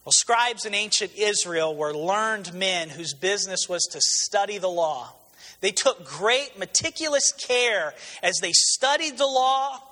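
High-voiced preacher in a reverberant hall. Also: male voice, expressive, unhurried, pushed and bright. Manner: emphatic, repeats phrases for stress. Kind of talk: sermon.

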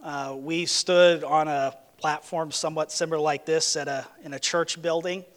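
A man's voice: a little high, fairly even intonation, normal speed, big-room sound. A man preaching a sermon in a church, earnest and emphatic, repeating his key words. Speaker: pastor. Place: church sanctuary, on a platform.

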